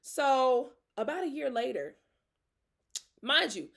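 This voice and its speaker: A young woman hosting a podcast, telling a story in a lively, dramatic way with slang and frequent laughter. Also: sits high, slow pace, vocal fry. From Atlanta. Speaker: podcast host. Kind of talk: casual storytelling.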